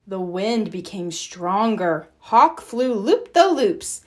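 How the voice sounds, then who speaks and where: A woman reading a children's picture book aloud with expressive storytelling. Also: mid-range voice, slow, few pauses. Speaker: storybook reader. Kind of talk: children's read-aloud narration.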